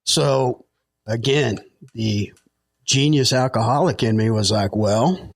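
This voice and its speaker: A middle-aged man spins a loose, rambling yarn, chuckling and padding his stories with fillers. His pitch sits in an ordinary middle range, and the sound is close and dry, with no room around it. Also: takes it slowly, vocal fry, no echo. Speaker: podcast guest. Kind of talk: casual storytelling.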